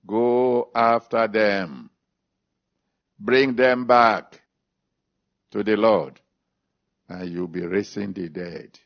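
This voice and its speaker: A preacher with a fairly low, creaky voice speaks extremely slowly and pauses often. He emphasizes and repeats scripture references, then moves into an altar call and prayer, all on a dull lo-fi recording.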